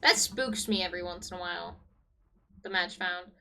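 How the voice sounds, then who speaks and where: A woman's voice: lowish voice, normal speed, creaky, sharp tone. A woman streaming a shooter game, chatting casually and mocking her own play, with the odd swear. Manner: chatty, self-deprecating, swearing. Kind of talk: casual gameplay commentary.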